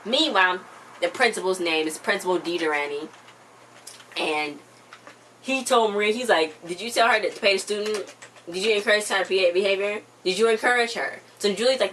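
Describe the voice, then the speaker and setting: A woman's voice: mid-range voice, normal speed, a bit bright, a little hiss or hum, poor audio. A young woman hosting a TV episode recap in casual chat, retelling scenes in quoted voices and laughing often.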